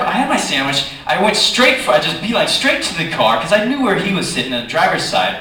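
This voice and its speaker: An animated male panel guest tells a chatty story to an audience, his voice bright and forceful, swooping up and down in pitch. The recording is distant and very echoey, caught from the crowd in a large hall with faint ambience behind. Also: fairly quick. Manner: animated, chatty, with many fillers and lively jumps in pitch. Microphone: recorded from the audience, far from the speaker.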